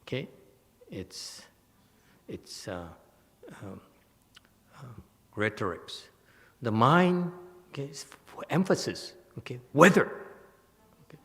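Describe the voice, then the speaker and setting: A man with a Vietnamese-accented English giving a Buddhist retreat lecture, halting and repeating words, often checking with "okay?". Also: mid-range voice, big pitch swings, fairly bright tone. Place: temple hall. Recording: long reverb of a hall.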